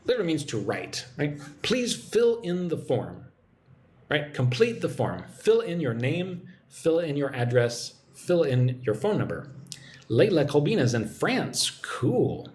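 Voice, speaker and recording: A man giving a live-streamed English lesson, relaxed and chatty as he reads out viewer comments. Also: on the high side, measured pace. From United States. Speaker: English teacher.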